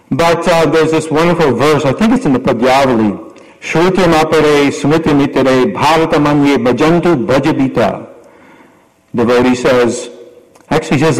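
A man giving a reflective sermon, reciting Sanskrit verses and explaining them. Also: fairly high pitch. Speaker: spiritual teacher. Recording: long hall reverb.

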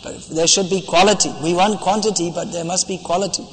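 Emphatic high-voiced man preaching in a reverberant hall. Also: steady tone, brisk. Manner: emphatic, scolding and insistent, with Sanskrit verse. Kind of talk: devotional lecture. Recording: long reverb with faint ambient noise.

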